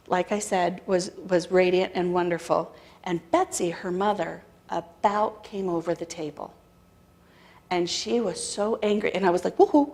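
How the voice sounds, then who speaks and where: A woman speaker at a spiritual center telling a personal story to a congregation, acting out the dialogue with wry laughter. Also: on the low side. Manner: animated storytelling with quoted dialogue. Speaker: guest speaker. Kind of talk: storytelling talk.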